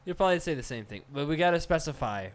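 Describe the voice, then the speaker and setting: A man's voice: on the high side, animated, very fast. A young man co-hosting a casual podcast, emphatic and teasing, throwing in "dude" a lot. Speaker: podcast co-host.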